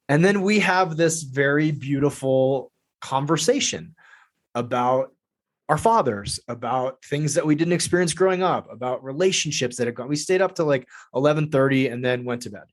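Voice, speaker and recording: A man telling a story as a podcast guest, lively and profane. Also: medium pitch, moderate pace. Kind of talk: casual storytelling.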